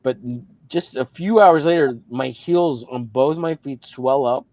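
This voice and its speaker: A man's voice: medium pitch, unhurried, a little mellow, no echo. A man in casual livestream chat, telling a long story in a rambling, profane way with many restarts. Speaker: co-host of a drawing livestream.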